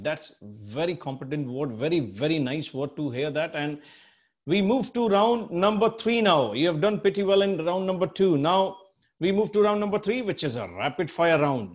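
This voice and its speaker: Effusive male quiz host, higher voice. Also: lo-fi sound. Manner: effusive, praising the guest. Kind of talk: casual quiz interview mixing English and Hindi. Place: remote, living abroad.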